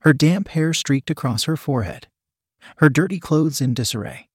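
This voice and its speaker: A man narrating a work of fiction aloud in a steady, descriptive storytelling manner. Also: a little high, moderate pace, husky, dry recording, clean studio sound.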